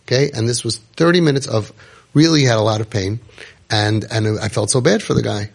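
A man's voice: mid-range voice, brisk, vocal fry. A middle-aged man hosting a podcast, telling a story vividly and acting out what other people said. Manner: vivid retelling that acts out other people's words. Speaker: podcast host and parenting guide.

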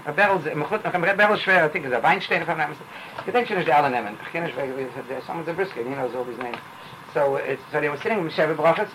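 A man with teaching an informal Torah class, telling parables in a rambling, animated way and dropping in phrases. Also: on the high side, a little hiss or hum, rough recording.

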